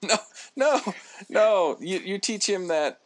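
A man's voice: high-pitched, animated, takes it slowly, noisy background. A man co-hosting a podcast, chatting casually in an easygoing way and speaking to listeners. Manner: easygoing, agreeable, addresses listeners. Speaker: podcast co-host. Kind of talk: casual chat.

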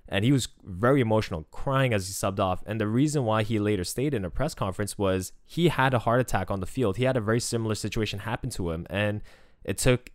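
A man's voice: fairly low pitch, dry recording, studio quality. A young man talking casually and emotionally about football, rambling with many restarts. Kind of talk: casual spoken commentary.

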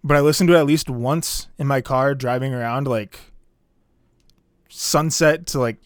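Reviewing an album one track at a time, this podcast co-host chats in a relaxed, rambling manner, leaning heavily on "like." His voice is mid-range and moderately paced, recorded at studio quality with no echo.

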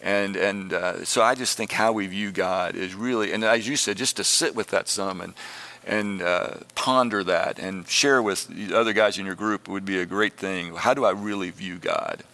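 Low, bright-toned man reflecting haltingly. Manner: halting, reflective, with frequent restarts. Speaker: discussion participant. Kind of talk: casual Bible study conversation.

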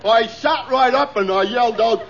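Dopey high-voiced simpleton, naive 1940s radio comedy sidekick, old muffled broadcast. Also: male voice, gravelly, a crowd in the background. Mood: dopey cheerful. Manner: slow-witted, naive comic delivery. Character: dim-witted cheerful grown man.

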